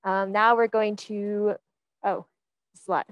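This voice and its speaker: Young woman teaching fellow talking through slides, chatty, mid-pitched, dry close sound. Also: level tone, takes it slowly, smooth, no echo, lo-fi sound. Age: young adult. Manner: friendly and chatty, with many "um"s and small laughs. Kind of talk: informal class presentation.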